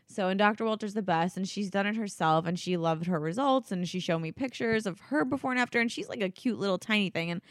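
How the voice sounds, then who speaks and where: A woman in her thirties, a podcast co-host, telling a crude, animated story in casual chat. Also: lowish voice, fairly quick, no echo, studio quality.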